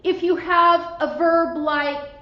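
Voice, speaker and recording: Slow, careful woman English teacher. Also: extremely high pitch, little pitch movement. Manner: spells out letters and stresses syllables carefully. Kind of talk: slow, deliberate grammar lesson. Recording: echoey room, dull lo-fi sound.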